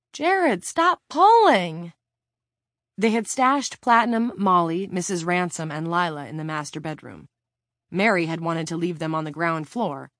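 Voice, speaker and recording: Lower-voiced woman reading a story. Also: dry recording, studio quality. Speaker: audiobook narrator. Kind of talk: scripted narration.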